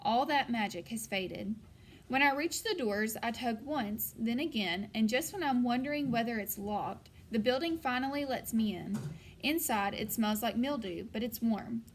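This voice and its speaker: Woman, first-person audiobook narration, even storytelling, fairly high voice, faint background hiss. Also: moderate pace.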